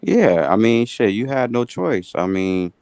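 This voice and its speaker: A man in his late thirties telling stories in a relaxed, slangy podcast chat. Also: lowish voice, a little slow, background noise. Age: 30s. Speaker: podcast co-host.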